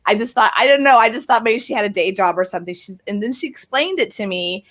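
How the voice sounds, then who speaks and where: A woman's voice: on the high side, lively intonation, fast, a bit bright. A woman hosting a casual interview over a video call, encouraging her guest and often adding "right?". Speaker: host.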